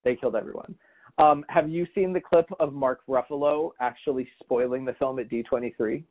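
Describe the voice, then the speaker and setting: A man hosting a casual podcast, telling rambling stories full of restarts and acted-out quotes. His voice sits in a middle pitch, and the audio is thin and tinny, like a phone line. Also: steady tone, normal speed. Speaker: podcast host. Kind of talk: casual chat.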